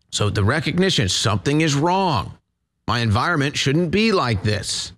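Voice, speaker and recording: A man's voice: a little high, very animated, moderate pace. A man hosting a commentary show, ranting and mocking as his voice rises in heated bursts. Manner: ranting, mocking, rising to shouts. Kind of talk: political commentary rant.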